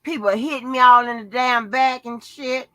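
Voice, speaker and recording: A woman's voice: sits high, fairly even intonation, moderate pace, bright, forceful tone, no room sound, poor audio. A woman hosting a casual reaction chat, giggly, exasperated and profane. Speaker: channel host.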